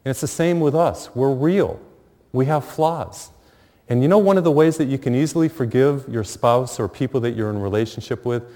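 A middle-aged man delivers a sermon with an easygoing storyteller's touch, slipping in humor and pauses. His voice sits at an ordinary pitch and carries a long reverberant tail from a large hall. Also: dark tone. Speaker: preacher.

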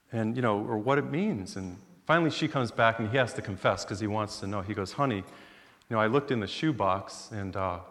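A man's voice: mid-range voice, a bit bright. A man, a priest, leading a retreat with prayer and casual joke-telling, talking in a chatty way with fillers. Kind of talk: joking retreat sermon. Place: church or retreat hall. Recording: long hall reverb.

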